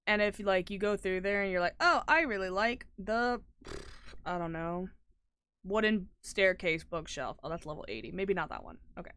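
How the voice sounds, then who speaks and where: A woman streaming a game live, chatting casually and excitably, muttering to herself and then bursting out loudly, swearing freely. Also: on the low side, brisk, clean tone, dry recording.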